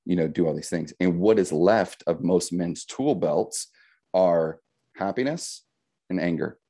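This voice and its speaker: A middle-aged man with a very low, deep voice talks in an easy podcast conversation. His tone is dark and mellow, and he explains his ideas reflectively, tagging his points with "right?". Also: moderate pace. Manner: reflective, explains with metaphors, frequent "right?" tags.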